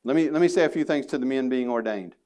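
A man's voice: mid-range voice, fast, warm tone. Male pastor, earnest emphatic sermon delivery with folksy asides. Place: church sanctuary.

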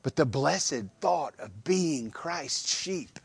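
A man's voice: fairly high pitch, takes it slowly, gravelly, breathy edge, no room sound. Emphatic preacher man. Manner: animated, emphatic preaching with repeated phrases. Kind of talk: sermon.

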